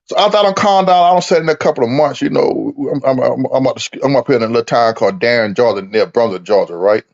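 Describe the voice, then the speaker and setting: A man telling a prison story in a casual chat, animated and profane, laughing as he talks. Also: medium pitch, quick pace, creaky. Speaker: podcast co-host telling a story. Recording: dull lo-fi recording.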